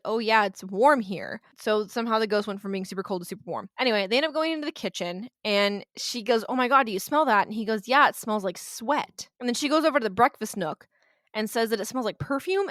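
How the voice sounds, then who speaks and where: A woman's voice: medium pitch, no room sound. Woman on a podcast mic telling a spooky story, sarcastic and blunt, dry close sound. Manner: blunt, sarcastic, swears and laughs while retelling. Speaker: podcast co-host. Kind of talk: casual storytelling chat.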